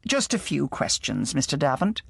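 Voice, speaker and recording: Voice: mid-range voice, sing-song, moderate pace, vocal fry, breathy edge, no echo, studio quality, exaggerated voice. A reader voicing a blunt, irritable middle-aged woman sleuth in an audiobook, with a brusque, exasperated manner. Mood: brisk.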